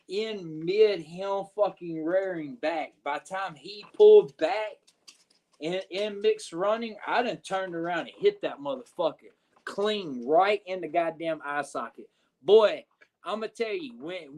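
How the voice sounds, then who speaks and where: A man, a wrestler guest telling stories in an animated, profane, filler-heavy way. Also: sits high. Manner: animated, profane storytelling with many "you know what I'm saying" fillers. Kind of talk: casual storytelling interview.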